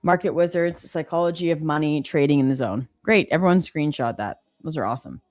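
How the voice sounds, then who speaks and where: A woman's voice: low-pitched, a little fast, a little mellow, dry recording, studio quality. A woman hosting a live trading stream, chatting casually, reading viewer comments and laughing often. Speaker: livestream host.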